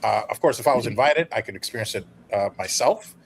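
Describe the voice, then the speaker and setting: A man's voice: lowish voice, lively intonation, fast, creaky, husky. A man who is an actor and comedian, joking with playful asides as a guest in a casual panel chat.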